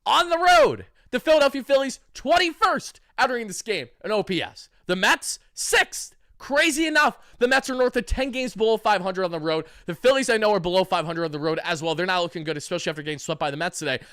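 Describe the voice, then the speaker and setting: A brash, trash-talking young man giving hyped fan reaction commentary. His voice sits very high for a man and sounds bright and forceful. The recording is dry and close, with no room sound. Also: expressive, fast, hardly any pauses, no room sound. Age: young adult. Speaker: sports channel host.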